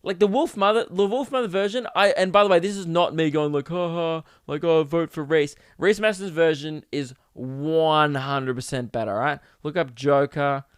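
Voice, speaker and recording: Man, fairly high voice, hosting a podcast in a dry, close room; animated and mock-outraged. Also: normal speed, few pauses, smooth, no echo. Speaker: podcast host. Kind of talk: casual solo podcast rant.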